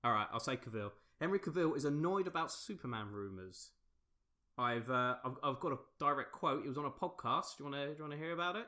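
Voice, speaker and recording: A man's voice: mid-range voice, expressive, fast talker, pushed and bright. A man co-hosting a casual podcast, eagerly running through the news and teasing his friend. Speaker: podcast co-host. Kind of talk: casual chat.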